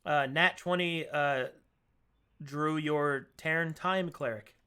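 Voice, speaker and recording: A man's voice: fairly high pitch, fairly even intonation, takes it slowly, bright, forceful tone, smooth. A man running a tabletop game as game master, talking in casual, laid-back chat and swearing freely.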